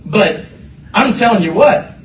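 A man preaching a sermon to a congregation, animated and repeating his words as he rises to shouts. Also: high voice, measured pace, slight background noise. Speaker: pastor. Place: church sanctuary. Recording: echoey room from a distance.

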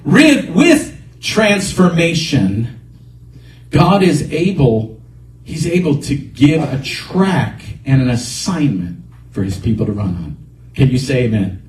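Animated preacher in an echoey church. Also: male voice, medium pitch, slow pace, recorded from a distance. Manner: animated, repeats exhortations. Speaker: pastor. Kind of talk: sermon.

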